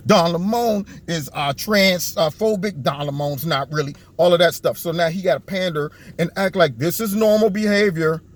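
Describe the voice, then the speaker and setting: A man's voice: moderate pace, few pauses. A man giving sarcastic political commentary on a video, mocking the people he talks about. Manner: mocking, acts out what others think in a low put-on voice.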